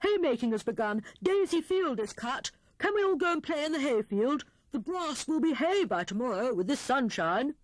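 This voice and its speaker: A woman voicing an excitable male hare in a children's storybook, talking high, loud and hurried. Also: dry recording. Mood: excited.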